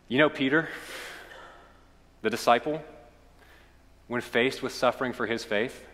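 Kentucky man preaching, mid-pitched, long church reverb. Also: measured pace, long pauses. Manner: storytelling preacher, swells then drops to quiet. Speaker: pastor. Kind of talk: sermon.

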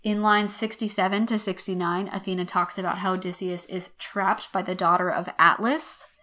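A woman hosting a podcast lesson, explaining an old text in a wry, chatty way and slowing down to read quotations. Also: mid-range voice, fairly even intonation, pushed and bright. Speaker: podcast host teaching literature.

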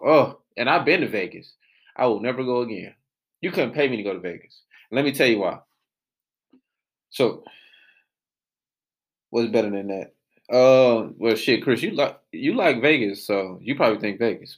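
A man, telling a profane story as a podcast host and losing his train of thought. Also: medium pitch. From Atlanta, US South. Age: late 20s. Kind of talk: casual storytelling rant.

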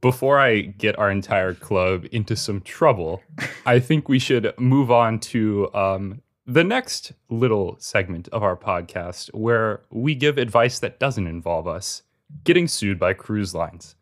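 A man's voice: lowish voice, lively intonation, a little slow. A young adult man hosting a podcast, teasing his friends with dry quips and introducing the next segment. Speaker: podcast host.

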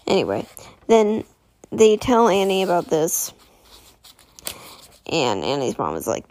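A woman's voice: low-pitched, sing-song, moderate pace, pauses often, darkish tone. A woman casually recapping a TV episode, rambling with lots of "um, anyway" and correcting herself as she goes.

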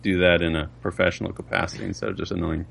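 A man's voice: low voice, flat delivery, rapid-fire, creaky, fairly bright tone. A man, a father and voice actor, chatting in a casual interview and laughing often. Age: adult with children. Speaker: voice actor guest.

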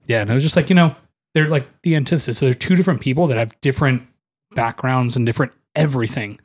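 A man with a mid-range voice tells stories in relaxed podcast chat. He talks loosely, swears freely and often laughs as he goes. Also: medium pitch, quick pace. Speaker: podcast co-host. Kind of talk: casual chat.

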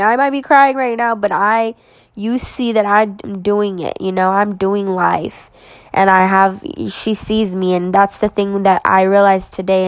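Young woman, confessional vlog, rambling and heartfelt, mid-pitched, dry close sound. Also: no room sound, rough recording. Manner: rambling, heartfelt, restarts often. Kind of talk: emotional personal vlog.

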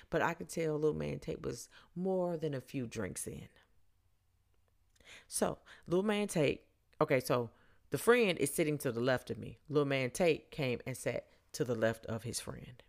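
A woman with a very low, gravelly voice hosts a podcast, telling a story in a casual, blunt way. Her delivery is dry and sarcastic, and deep fry crackles through her phrases. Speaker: podcast host.

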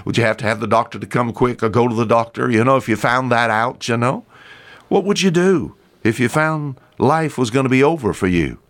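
A man, preaching a short folksy radio devotional that climbs high when he pleads. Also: a little fast.

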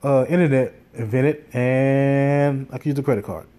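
A man's voice: medium pitch, moderate pace, warm tone. A man telling a casual, rambling story, swearing often and full of fillers and restarts. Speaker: podcast host.

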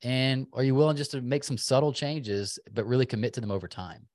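A man's voice: mid-range voice, a little fast, a little mellow, no echo, studio quality. A man co-hosting a podcast, talking in a casual, reflective and encouraging way with lots of loose fillers. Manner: chatty, many "like" fillers. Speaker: podcast co-host.

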